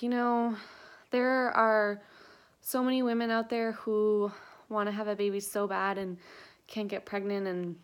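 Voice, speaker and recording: A young woman vlogging, telling a personal story in a chatty, earnest way full of "like" and "um", slightly out of breath. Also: medium pitch. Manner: chatty, filler-heavy, earnest. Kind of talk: casual storytelling vlog. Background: dogs.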